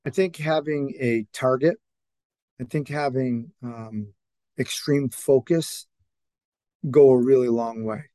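A man's voice: medium pitch, takes it slowly, long pauses, no room sound. A man who trains athletes, telling stories in a casual podcast chat and acting out what other people said. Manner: animated, acts out other people's lines in quotes.

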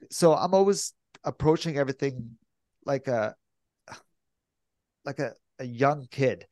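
A man's voice: medium pitch, moderate pace, pauses often, a little mellow, no room sound. A man co-hosting a casual podcast, telling stories in a hesitant, self-doubting way. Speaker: podcast co-host. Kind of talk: casual chat.

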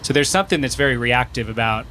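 A man's voice: medium pitch, lively intonation, fast, bright, forceful tone, slight background noise. A man from New Mexico speaking on a panel, thoughtful and playful, sometimes acting out voices. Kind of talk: casual panel talk.

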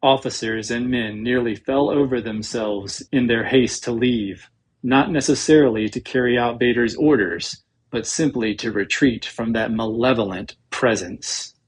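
A husky-voiced man of medium pitch narrates a novel as an audiobook, keeping his storytelling measured and dramatic.

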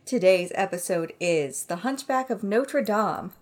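A woman's voice: mid-range voice, expressive, measured pace, slight background noise. A woman in her thirties hosting a podcast in casual chat, dry and teasing with her co-host.

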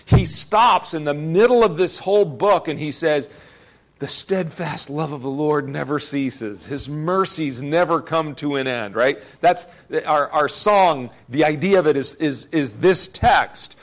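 A man's voice: fairly high pitch, measured pace. A man preaching a sermon, earnest and emphatic, often repeating words as he presses a point. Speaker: pastor.

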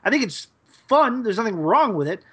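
A man's voice: high voice, big pitch swings, fairly quick, husky. Rambling man recapping an episode. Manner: rambling, hesitant, lots of fillers. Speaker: podcast co-host.

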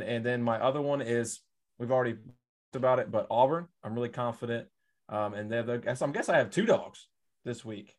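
Man, podcast guest, mid pitch, relaxed, rambling, casual sports talk. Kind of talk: casual sports analysis chat.

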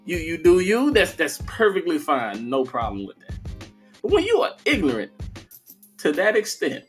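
A man's voice: on the high side, wildly swooping pitch, normal speed, faint music behind. A man ranting about gaming fans in a heated, profane, casual style. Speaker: gaming commentator. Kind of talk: casual rant to camera.

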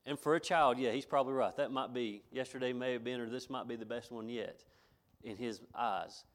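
A man's voice: medium pitch, normal speed. A middle-aged pastor, preaching a folksy sermon to his congregation, repeating himself and chuckling between points.

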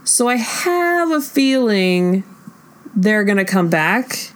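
A young woman chatting casually about a film, relaxed and matter-of-fact as she reasons things out. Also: medium pitch, slow, a little hiss or hum.

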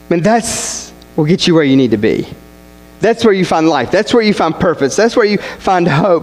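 A man's voice: sits high, animated, normal speed, rough recording. A young man, a student pastor preaching a sermon through a rambling, folksy personal story full of restarts. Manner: rambling, self-interrupting, folksy.

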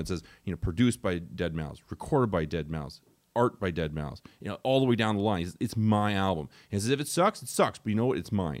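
Fast-talking, opinionated young man. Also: lowish voice, no echo, studio quality. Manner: rapid, opinionated, animated asides. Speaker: podcast co-host. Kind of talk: casual podcast chat.

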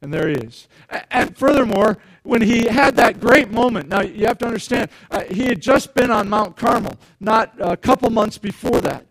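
A man's voice: high-pitched, lively intonation, moderate pace, creaky, few pauses, crowd noise, poor audio. A male pastor giving a conversational sermon, often repeating words and putting questions to the congregation.

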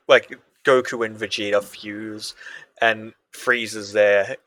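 A man's voice: lowish voice, fairly even intonation, takes it slowly, a bit bright. A man co-hosting a podcast in playful, sweary, laughing chat. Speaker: podcast co-host. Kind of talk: casual chat.

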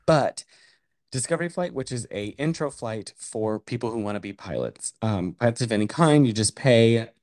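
A man's voice: medium pitch, lively intonation, moderate pace, a little mellow, no echo, clean studio sound. Joking man hosting a podcast. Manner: playful, joking, trails off mid-sentence. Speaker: podcast host. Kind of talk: casual chat.

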